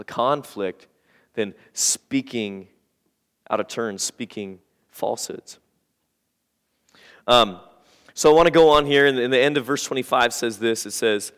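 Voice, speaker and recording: A pastor delivers a sermon in a church sanctuary, his mid-range voice echoing with long reverb through the hall. He preaches conversationally and acts out the quotes he tells.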